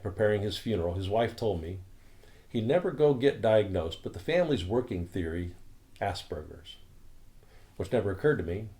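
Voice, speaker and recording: A man who leads a spiritual community, telling a story in a calm, earnest, reflective way. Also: lowish voice.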